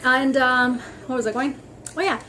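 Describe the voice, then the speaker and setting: A woman's voice: high voice, moderate pace, faint music behind. Rambling, chatty young woman vlogger. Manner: rambling, heavy on "like" and "freaking"; animated storytelling, acting out others' lines. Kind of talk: casual rant to camera.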